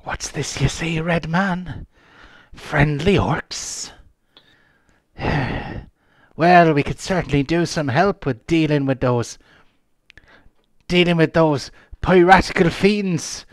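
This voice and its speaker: A man's voice: fairly high pitch, slow pace, pauses often, no room sound, voice pushed up. A man voicing an unhinged middle-aged female pirate hermit who shrieks and rants in a wild piratical voice. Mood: suspicious.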